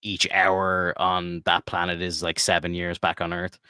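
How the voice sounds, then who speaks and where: Deep-voiced man in casual chat. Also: monotone, a little slow, bright, forceful tone, smooth, dry recording, studio quality. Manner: rambling, heartfelt, lots of fillers. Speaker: podcast co-host.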